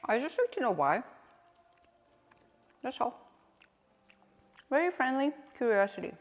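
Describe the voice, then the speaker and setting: A woman's voice: a little high, very animated, unhurried, in a large hall. A woman streamer chatting casually, rambling and asking questions as she reacts to clips. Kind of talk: casual live-stream chat.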